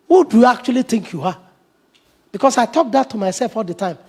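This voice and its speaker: A middle-aged man, a pastor, preaching an animated sermon, acting out quoted voices and laughing often. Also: very high-pitched, normal speed, slightly rough.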